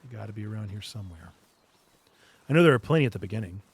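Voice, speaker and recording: A man's voice: fairly low pitch, expressive, rapid-fire, husky. A man streaming a video game, chatting casually and playfully talking to the creatures in it. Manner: playful, talks to the game creatures and reads chat. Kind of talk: casual gameplay commentary.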